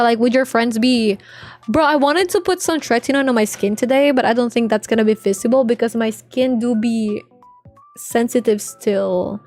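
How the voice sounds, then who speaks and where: A young woman streaming live, chatting casually and rambling with viewers, full of filler words and slang. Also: on the high side. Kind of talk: casual livestream chat with viewers.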